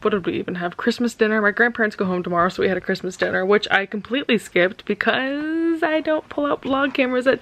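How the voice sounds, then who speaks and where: A woman, chatting casually to camera as a book vlogger, with lots of "like" fillers. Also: mid-range voice. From Texas. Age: early 20s. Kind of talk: casual vlog chat.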